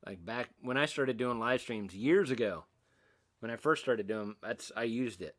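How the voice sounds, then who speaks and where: A man's voice: medium pitch, animated, normal speed. A middle-aged man hosting a casual livestream, rambling and self-mocking as he reads out and answers chat comments. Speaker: livestream host.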